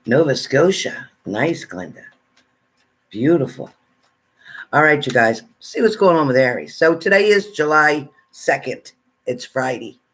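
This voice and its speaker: A man's voice: a little high, expressive, unhurried, a bit bright. A man in casual live-stream chat, a tarot reader who chats away while reading out viewers' comments. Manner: chatty, reads out viewers' comments, eats while talking.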